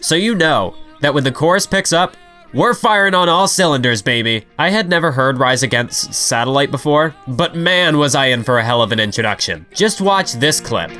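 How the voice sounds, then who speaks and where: A man's voice: fairly high pitch, animated, moderate pace, sharp tone, faint music behind. A young man reading a scripted video review voice-over, analytical and now and then enthusiastic.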